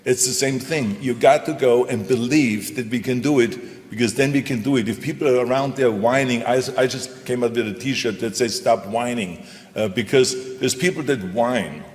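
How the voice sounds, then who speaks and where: A man's voice: medium pitch, moderate pace, hardly any pauses. A man speaking on a panel in an emphatic, repetitive, motivational way. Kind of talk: stage panel talk. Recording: reverberant hall.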